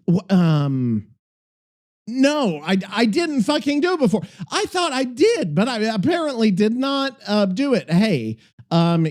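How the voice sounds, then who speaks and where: A man's voice: high voice, darkish tone. A man hosting a gaming podcast, ranting animatedly and swearing a lot as he acts out characters in a casual style. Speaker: podcast host.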